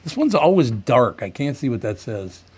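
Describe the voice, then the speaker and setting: A man's voice: mid-range voice, normal speed, slightly rough. A man hosting a radio show, telling stories in casual banter and swearing freely. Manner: animated storyteller, swears casually.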